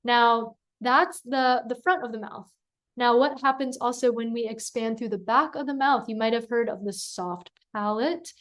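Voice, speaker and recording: A woman vocal coach giving a singing lesson, calm and encouraging, who breaks into sung syllables to demonstrate. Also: a little high, moderate pace.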